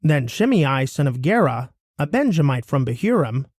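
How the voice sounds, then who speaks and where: Man reading scripture, lively voice. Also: fairly high pitch, normal speed, no echo, studio quality. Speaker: scripture reader.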